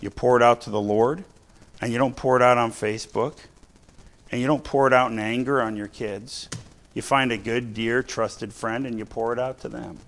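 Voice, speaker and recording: A middle-aged man preaching a sermon, telling a story from his own life and slowing down to stress key lines. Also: medium pitch, fairly even intonation. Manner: storytelling, varies loudness, slows for emphasis.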